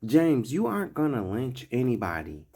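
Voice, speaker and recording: A man's voice: medium pitch, huge pitch swings, normal speed, mellow, slightly rough. A man giving blunt, profane, mocking reaction commentary on a clip.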